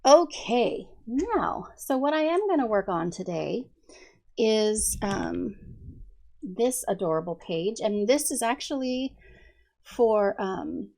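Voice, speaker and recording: A woman hosting a casual coloring video, chatty with frequent ums, her voice hoarse from allergies. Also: mid-range voice, sing-song, slow pace, darkish tone. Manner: chatty, many ums, giggles often. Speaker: coloring channel host.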